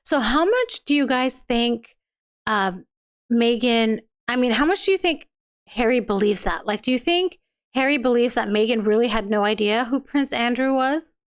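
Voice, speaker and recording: Livestream host, young woman, high voice, chatty and giggly, restarts sentences often. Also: lively intonation, normal speed. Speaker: livestream host reading viewer comments. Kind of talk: casual chat.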